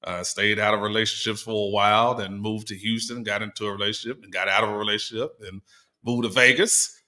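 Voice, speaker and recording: A man's voice: lowish voice, fairly even intonation, fast, bright, forceful tone. A middle-aged man from Arkansas with a Southern accent, co-hosting a podcast in an easygoing, casual way and laughing often. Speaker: co-host.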